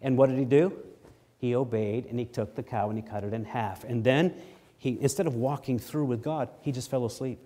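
A middle-aged man delivers a sermon in an expressive preaching manner. He reads scripture with rising force and lowers his voice for the asides. His voice sits at an ordinary middle pitch. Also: fairly quick. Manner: expressive preaching, rises loud on scripture readings, drops low on asides. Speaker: pastor.

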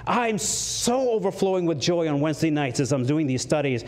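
A man preaching a sermon, earnest, slowing down to stress key words and climbing in pitch when stirred, with light jokes slipped in. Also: sing-song. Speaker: pastor.

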